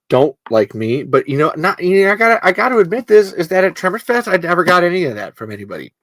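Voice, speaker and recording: Trans livestream host, medium pitch, close dry mic, halting and candid, heartfelt. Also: a bit bright, no echo. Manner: halting, personal, emotional. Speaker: podcast host reading live chat comments. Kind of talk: casual livestream chat.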